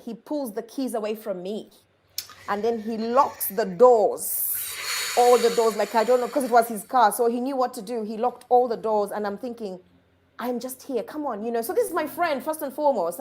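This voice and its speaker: A woman from Uganda earnestly telling a personal story in a conversation, halting and restarting often. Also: a little high, darkish tone, slight background noise.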